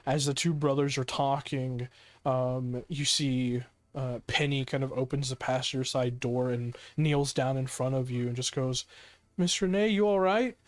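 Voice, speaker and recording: A man's voice: mid-range voice, little pitch movement, a little slow. A man running a tabletop horror game as game master, narrating vividly with many fillers.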